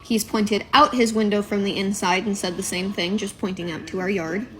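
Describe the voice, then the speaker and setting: A mother telling a story about her toddler in a casual video, in a relaxed, matter-of-fact way. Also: medium pitch, normal speed.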